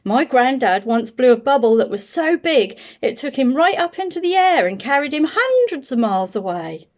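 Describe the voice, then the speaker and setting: A woman's voice: high voice, very animated, moderate pace. Woman reading as a friendly big brown bear. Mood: cheerful. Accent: New Zealand.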